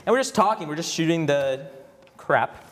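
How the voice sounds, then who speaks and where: A man's voice: a little high, lively intonation, moderate pace, background noise. Chatty young man in a big reverberant hall. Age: 20s. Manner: chatty, laughs often, many fillers and restarts. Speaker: alumnus guest actor. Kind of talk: casual storytelling on stage. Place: campus event in a large room before an audience.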